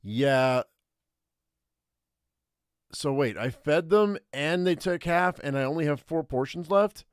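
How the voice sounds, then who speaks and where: Smooth-voiced man streaming a text game. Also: fairly high pitch, expressive, slow pace, long pauses, no echo, studio quality. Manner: thinking aloud, hesitant, with frequent fillers. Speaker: streamer playing an interactive fiction game. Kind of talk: live gameplay commentary and reading aloud.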